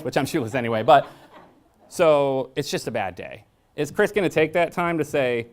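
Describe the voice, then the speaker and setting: A blunt, joking man giving a staff training talk. His pitch swings in a lively way as he tells stories. He keeps asking the audience questions. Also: brisk. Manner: asks the audience frequent questions. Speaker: workshop presenter.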